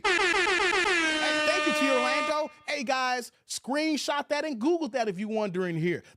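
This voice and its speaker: High-voiced man hosting a casual livestream. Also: no room sound, clean studio sound. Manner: loose, chatty, reads viewer comments aloud. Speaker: livestream host.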